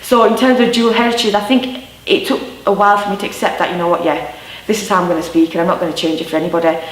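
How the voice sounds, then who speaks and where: A woman's voice: fairly low pitch, steady tone, fast. Young woman with a Yorkshire accent, roomy. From Yorkshire, England. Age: 20s. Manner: chatty, warm storytelling with many fillers. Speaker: interviewee. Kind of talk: candid personal recollection. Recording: roomy sound from a mic at a distance.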